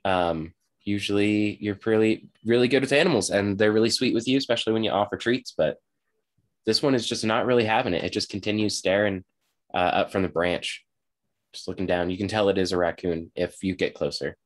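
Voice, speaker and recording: A man narrating as game master, relaxed and halting with many fillers. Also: fairly low pitch.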